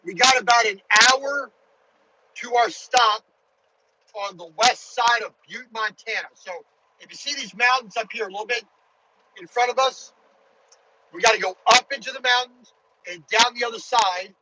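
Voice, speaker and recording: A man's voice: very high-pitched, normal speed, long pauses, bright, forceful tone, no room sound, lo-fi sound. A truck driver talking casually to his viewers while driving his truck, in a chatty, rambling way. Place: truck cab on the highway.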